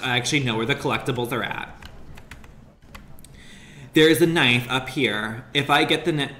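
A man's voice: medium pitch, fairly bright tone. A young adult man doing casual, crude, rambling commentary while streaming a game. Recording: roomy echo with faint ambient noise.

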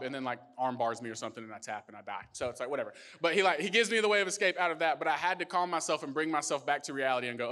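A young male pastor preaching a sermon, telling a lively personal story full of casual fillers. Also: mid-range voice, fast. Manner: storytelling, animated, many fillers like "like".

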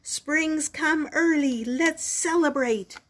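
A woman voicing an eager, scheming young male groundhog in a storybook read-aloud, with a bright, pleading manner. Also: a little high, very animated, moderate pace, voice pushed up. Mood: excited.

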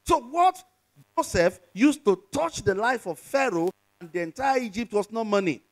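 A man's voice: high voice, animated, normal speed. A Nigerian pastor, a man, preaching a sermon with call-and-response to his congregation and slipping from English into Yoruba.

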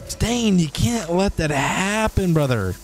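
A man's voice: high-pitched, animated, takes it slowly. A man streaming a shooter game, taunting other players over voice chat and laughing between fights. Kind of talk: casual gameplay commentary. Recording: game gunfire and noise behind the voice.

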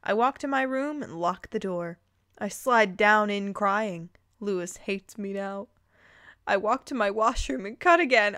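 A woman's voice: medium pitch, measured pace, fairly bright tone, clear, resonant tone, no room sound, clean studio sound. A woman reading a story aloud as host, breaking off to mock the text with her own comments. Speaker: host reading fan fiction.

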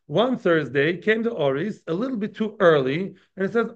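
A man with a fairly high voice teaches a daily Talmud class. He talks conversationally and checks in with his listeners through quick tag questions. The recording sounds muffled and lo-fi. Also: lively intonation.

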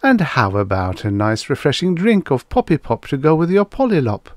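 A polished, smooth-voiced robot salesman pitching his wares with a lively sing-song rise and fall, as a narrator puts him on. The sound is close and dry. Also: moderate pace, no echo.

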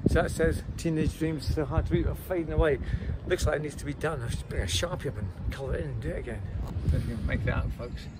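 Brief: excitable male vlogger, slightly high voice, noisy outdoor handheld recording. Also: quick pace, few pauses. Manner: chatty, excitable, says "man" and "folks" a lot. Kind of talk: casual vlog chat. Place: outdoors on a university campus.

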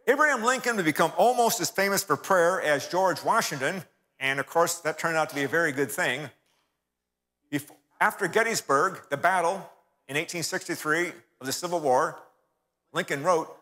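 A man's voice: a little high, expressive, normal speed, pushed and bright. A man giving a storytelling history talk to a church congregation, calling them folks. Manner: storytelling, addresses audience as folks. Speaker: church speaker. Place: church hall. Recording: reverberant church hall.

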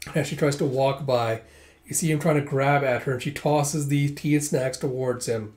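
A manga reviewer casually reads through a manga, giving a quick play-by-play of the panels. His voice is mid-range, slightly mellow, with fairly even intonation.

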